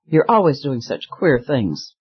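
A careless, petulant young society woman, voiced by a man reading aloud who is bored with everything. The delivery sits at an ordinary middle pitch. The recording is slightly muffled. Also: sing-song, unhurried, breathy edge.

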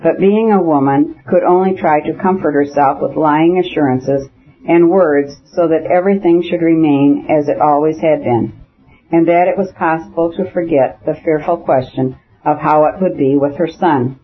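Husky male audiobook narrator. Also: a little high, normal speed. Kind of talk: scripted narration of a classic novel. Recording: dull lo-fi audiobook recording.

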